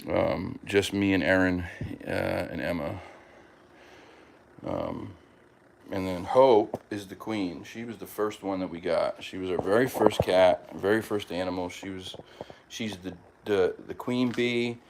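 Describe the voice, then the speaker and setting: A man's voice: low-pitched, unhurried, creaky, slight background noise. A man chatting casually at home as a podcast host, rambling with lots of fillers and restarts and talking fondly about his pets. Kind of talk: casual chat.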